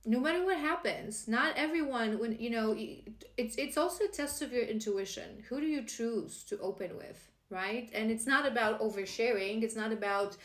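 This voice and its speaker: A woman's voice: fairly high pitch, moderate pace, echoey room. A woman reading tarot-style cards as spiritual guidance, earnest and encouraging, often restarting her sentences. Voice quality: emotional, laughing warmly at times. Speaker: tarot card reader.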